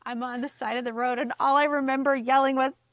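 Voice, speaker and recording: A woman guest on a podcast, telling a story in casual chat, animated, swearing and acting out the voices she quotes. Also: high-pitched, fast, dry recording.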